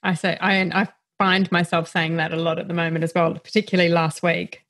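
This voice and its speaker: A woman's voice: on the low side, flat delivery, a little fast, fairly bright tone. A woman hosting a casual interview, encouraging and summing up her guest's points. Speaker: host.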